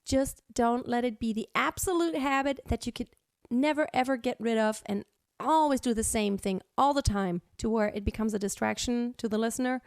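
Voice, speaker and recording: A woman's voice: on the high side, a little mellow, clean tone, no echo, clean studio sound. A woman teaching singing, explaining technique and breaking into short sung examples. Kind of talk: vocal lesson with sung demonstrations.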